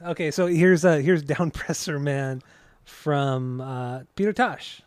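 A man's voice: fairly high pitch, slow pace. A man co-hosting a podcast in casual chat, rambling and swearing easily as he talks about music. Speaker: podcast co-host.

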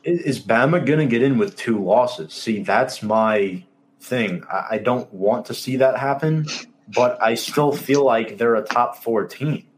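A man's voice: medium pitch, a little slow, a little hiss or hum. A man hosting a casual sports talk show, emphatic, exasperated and openly sarcastic. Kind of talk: casual sports podcast chat.

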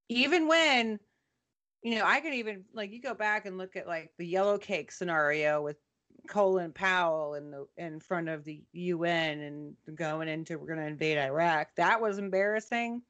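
A woman's voice: lowish voice, lively intonation, normal speed, a bit bright. A woman in her forties talking politics in a heated, blunt, swearing rant, furious and fed up. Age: 40s. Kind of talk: angry casual political chat.

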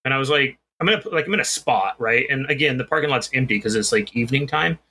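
Bright-voiced man rambling through a story. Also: medium pitch, animated, fast talker, husky. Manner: rambling, self-deprecating anecdotes. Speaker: podcast co-host. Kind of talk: casual chat, storytelling.

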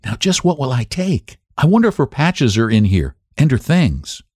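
A timid, soft-spoken sheriff's wife who talks in a hesitant, shrinking way, as a man voices her in a storybook reading. Her voice is pitched high and moves a lot. The recording is dry and close. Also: big pitch swings, normal speed, breathy edge, dry recording.

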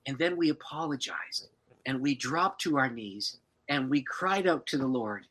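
A man's voice: medium pitch, moderate pace, a bit bright, breathy edge, poor audio. A man voicing a distraught young wife who retells an urgent prayer, pleading and at times whispering.

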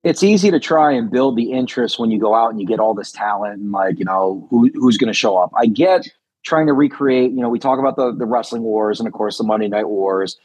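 Husky-voiced male podcast co-host. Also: fairly low pitch, brisk, darkish tone, dry recording, low-quality recording. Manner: laid-back, analytical, many "I mean" fillers. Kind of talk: casual wrestling chat.

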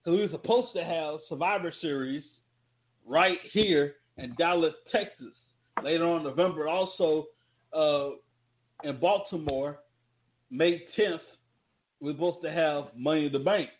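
A man rambles through wrestling talk and ad reads in an emphatic, loose way. His voice sits a little high. The audio is thin and tinny, like it came over a phone line. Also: measured pace, slight background noise. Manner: loose, emphatic, repetitive rhetorical questions. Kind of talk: casual commentary with ad reads.

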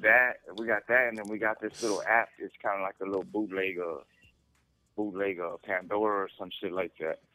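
A man's voice: fairly low pitch, fairly even intonation, a little fast, sharp tone, no echo. A man calling in from prison, talking in a laid-back, slangy way full of swearing over a phone line. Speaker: caller from prison. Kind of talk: casual phone chat.

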